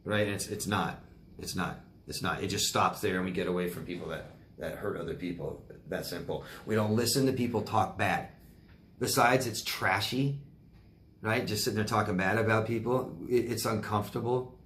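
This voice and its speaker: A man's voice: lowish voice, normal speed, a bit bright, echoey room, a little hiss or hum. A man, a life coach, answering viewer questions in a loose, rambling way, repeating words and using many fillers. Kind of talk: casual Q&A monologue.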